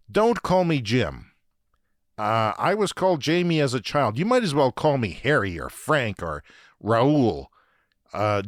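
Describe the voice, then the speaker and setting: A Canadian podcast host from Saskatchewan tells a comic story as a profane, ranting, self-deprecating monologue. His voice is mid-range, and the recording is dry with clean studio sound.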